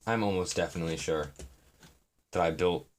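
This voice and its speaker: A man's voice: sits low, brisk. A young man chatting in a meandering, self-deprecating way on a live stream while he builds. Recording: noisy, with keyboard and brick clicks.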